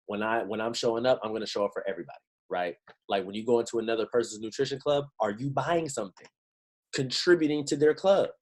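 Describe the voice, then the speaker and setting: A man giving a lively pep talk to his team on a video call, full of slang and rhetorical questions. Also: mid-range voice, fast talker, poor audio. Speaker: motivational team trainer.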